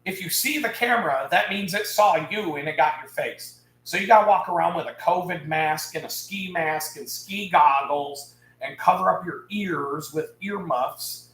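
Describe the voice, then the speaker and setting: Fired-up guy ranting on a live stream, cussing a lot, kinda high voice, echoey room. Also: moderate pace, hardly any pauses. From Houston area, United States. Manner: animated, swearing, laughing at his own story. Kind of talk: casual storytelling rant.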